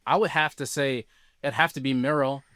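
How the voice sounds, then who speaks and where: A man speaks as a guest on a casual podcast, easygoing and relaxed. His voice is smooth and clear. The sound is close and dry. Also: mid-range voice, normal speed, no room sound. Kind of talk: casual interview chat.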